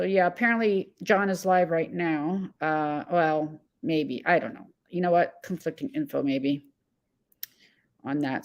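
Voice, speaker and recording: A woman's voice: mid-range voice, a little mellow. A woman hosting a casual live-stream commentary, agitated and blunt, reading chat messages and answering viewers by name. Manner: rambling with fillers and self-corrections.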